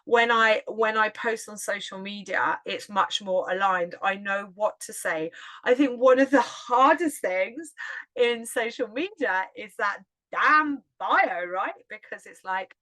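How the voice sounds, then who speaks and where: A woman's voice: mid-range voice, measured pace, bright, forceful tone, poor audio. A woman hosting her own podcast, talking on her own in a candid, conversational way. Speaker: podcast host. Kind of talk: solo podcast talk.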